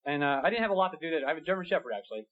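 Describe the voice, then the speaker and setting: Fast-joking young stand-up man. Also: a little high. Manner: animated, acts out a fight story with rising shouts. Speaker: stand-up comedian. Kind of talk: stand-up comedy set. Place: comedy club stage. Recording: dull lo-fi VHS tape with loud hiss. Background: audience laughter and crowd noise.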